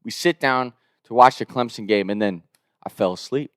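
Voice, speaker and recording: At a normal pace and in a smooth voice, a young man tells a story casually, laughing a lot and swearing freely. He acts out the people he quotes by shifting his pitch and loudness, and the studio-quality recording is dry.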